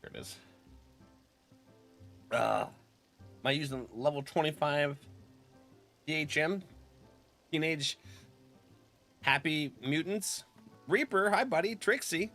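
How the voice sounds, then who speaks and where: A man's voice: fairly high pitch, expressive, slow pace, pauses often, sharp tone, faint music behind. A man casually chatting with his live-stream viewers, laughing often and greeting them by name.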